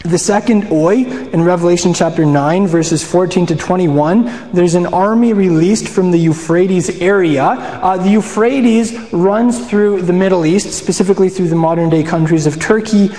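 A man's voice: high voice, normal speed, few pauses, mellow. A man preaching a casual sermon, chatty and asking the audience questions. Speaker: pastor. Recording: echoey hall.

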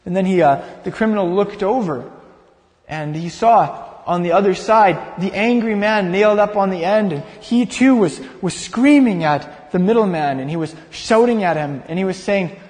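High-voiced preacher in a reverberant hall. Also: male voice, moderate pace, a little mellow. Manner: vivid, repeats words as he tells the story. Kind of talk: sermon storytelling.

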